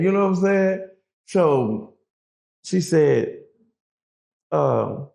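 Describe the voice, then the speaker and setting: A man with a gravelly, creaky edge to his voice tells a prison story in a relaxed interview. He swears freely and slips into the voices of the people in the story as he quotes them. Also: on the high side, drawn-out words, long pauses. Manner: profane, acts out quoted voices. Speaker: guest recounting prison story.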